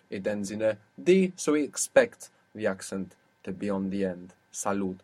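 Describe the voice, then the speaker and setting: A man's voice: mid-range voice, a little mellow. Guy running a language lesson, patient, keeps quizzing and explaining. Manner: patient, questioning, explains step by step. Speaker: language teacher.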